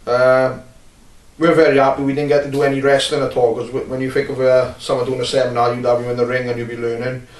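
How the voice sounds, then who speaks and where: A Welsh man, a wrestler, talking bluntly and rambling with many filler pauses in a casual interview. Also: mid-range voice, flat delivery. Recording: roomy, distant mic.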